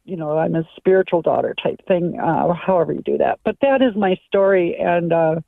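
A woman in her sixties calling in to a radio show, telling her story in an emotional, rambling, halting way over the phone. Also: on the low side, creaky, no echo. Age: 60s. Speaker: caller. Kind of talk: call-in testimony. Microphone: telephone. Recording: tinny phone line.

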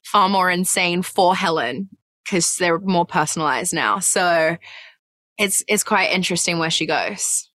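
A woman in her thirties speaks in an Australian accent with an American twang, her voice bright and forceful. She chats casually as an interview guest, laughing often and tripping over fillers and restarts, and the sound is dry and close. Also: fairly low pitch, measured pace, no echo. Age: 30s. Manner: chatty, giggly, with many fillers and restarts. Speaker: actor guest.

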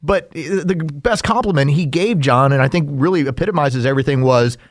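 A man's voice: fairly high pitch, brisk, no room sound, clean studio sound. A man co-hosting a casual podcast, talking in an earnest, reflective way and often repeating a word as he starts a sentence. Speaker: podcast co-host and sports radio host.

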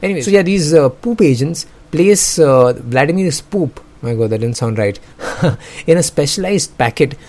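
A young man delivers comedic news commentary. He is sarcastic and jokey, and he laughs often between his remarks. His voice sits fairly high for a man. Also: animated, moderate pace, darkish tone. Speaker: host.

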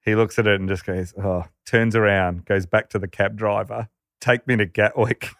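A man's voice: lowish voice, steady tone, normal speed, fairly bright tone, dry recording, studio quality. An Australian man telling a rowdy anecdote in casual chat, laughing often and acting out the voices of the people in it. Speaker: podcast storyteller.

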